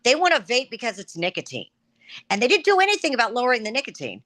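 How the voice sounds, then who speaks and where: A woman ranting emphatically in a casual discussion, her throat rough and catching, with frequent "okay?" tags. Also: on the high side, wildly swooping pitch, quick pace, fairly bright tone.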